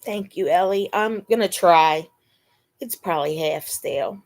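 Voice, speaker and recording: A woman's voice: on the low side, measured pace. A woman hosting a casual live chat, chatting to viewers and cooing to her dog between laughs. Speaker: live stream host.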